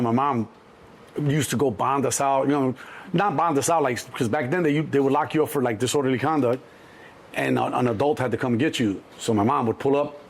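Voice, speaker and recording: A middle-aged man from Chicago, a guest telling animated street stories, acting out the voices in the quotes and swearing freely. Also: mid-range voice. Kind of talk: storytelling interview.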